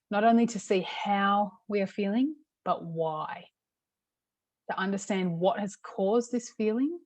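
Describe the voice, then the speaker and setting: A middle-aged woman, a parenting coach, teaching in a casual, chatty way with many "okay"s and a slightly hoarse throat. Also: mid-range voice, dry recording. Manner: chatty, repeats "okay" often. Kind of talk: casual talk-to-camera teaching.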